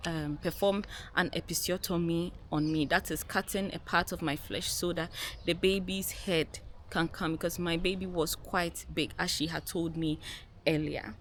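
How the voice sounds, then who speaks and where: A woman's voice: lowish voice, steady tone, moderate pace, a little hiss or hum. A woman vlogger telling a personal story to her viewers in an emphatic way, repeating key words and calling them guys.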